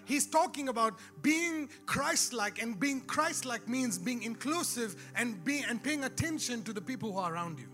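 A man's voice: very high voice, animated, moderate pace, few pauses, bright, forceful tone, soft background music. A man preaching a sermon in a church, in a conversational way with laughing asides, rising to emphatic exhortation. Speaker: pastor.

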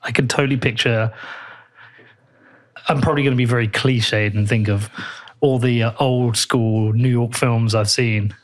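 A man's voice: medium pitch, steady tone, moderate pace. Guy in his 40s hosting a podcast, chatty, jokes around, swears a bit. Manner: chatty, joking, swears casually. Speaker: podcast host. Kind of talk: casual podcast interview.

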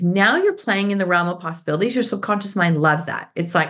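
A woman's voice: medium pitch, a little fast, hardly any pauses, a bit bright. A middle-aged woman hosting a podcast, talking earnestly and coaching her listeners straight on. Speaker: podcast host. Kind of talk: motivational solo podcast talk.

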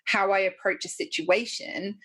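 A woman's voice: mid-range voice, steady tone, moderate pace, fairly bright tone, slightly rough. A woman hosting a podcast, talking in a thoughtful, reflective way. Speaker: podcast host. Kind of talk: casual podcast conversation.

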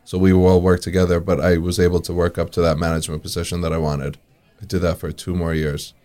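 A man's voice: low voice, flat delivery, fast, warm tone. A man, a guest telling his own story in casual talk, chuckling often and full of fillers. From New York area.

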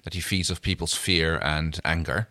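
A man's voice: rumbling low, steady tone, moderate pace, sharp tone, dry recording. A man co-hosting a podcast, animatedly retelling an episode's plot in casual chat, with frequent hesitations. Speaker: podcast co-host.

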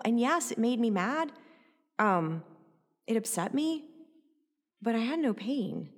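A woman recounting a personal story in an animated, conversational way, often adding "like" and "right?". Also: fairly high pitch, a little slow, gravelly, long pauses, big-room sound.

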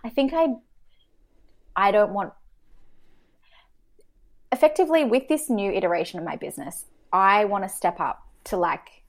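A woman's voice: mid-range voice, moderate pace, long pauses. A woman talking candidly as a podcast guest, hesitant, with many fillers and restarts. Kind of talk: candid conversational reflection.

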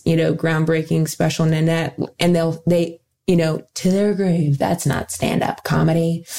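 Earnest, animated woman comedian. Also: fairly low pitch. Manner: earnest, animated, laughs often, restarts. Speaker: stand-up comedian guest. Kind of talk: candid conversational interview.

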